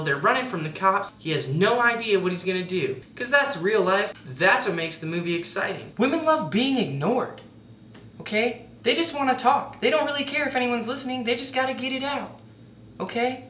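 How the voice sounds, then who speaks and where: A woman's voice: a little high, lively intonation, normal speed, fairly bright tone, echoey room, a little hiss or hum. A woman narrating satirical mock dating advice in a sarcastic, mock-authoritative tone.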